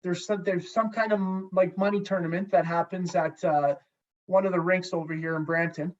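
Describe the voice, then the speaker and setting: A man, a former hockey goalie, telling a story in a casual, animated way and swearing freely. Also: sits high, normal speed. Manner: animated, profane, acts out dialogue. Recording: slightly distant, dull lo-fi sound.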